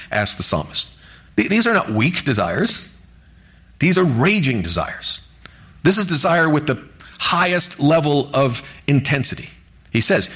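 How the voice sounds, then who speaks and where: A man preaching a sermon to his congregation in an earnest, measured way, lifting his voice on key words. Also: on the high side, very animated, fairly bright tone, husky. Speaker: pastor.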